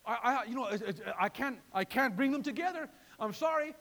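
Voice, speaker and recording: A man preaching a sermon in a lively way, repeating words and acting out voices. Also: extremely high pitch, fairly quick, in a large hall. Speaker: pastor.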